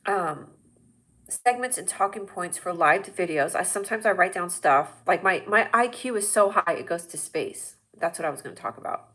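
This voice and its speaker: Woman host, thirties, bright forceful voice, rambling excitable storyteller. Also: on the low side, normal speed. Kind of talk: casual live-stream storytelling.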